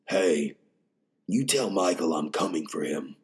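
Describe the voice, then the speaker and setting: A man's voice: low-pitched, expressive, measured pace, voice pushed down. A man mimicking a grim, determined woman who vows to hunt someone down. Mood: menacing.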